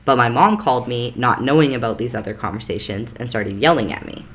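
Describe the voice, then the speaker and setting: A woman's voice: very deep voice, fairly quick. A young adult woman, a podcast guest, telling a personal story in a frank, emphatic way that is full of "like". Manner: emphatic, frank, swears, peppers talk with "like".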